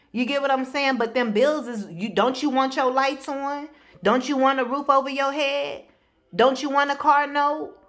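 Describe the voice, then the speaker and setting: A woman's voice: sits high, fairly even intonation, normal speed, a bit bright. A woman speaking as a spiritual life coach, giving a casual motivational talk in a blunt, emphatic way, addressing the listener directly.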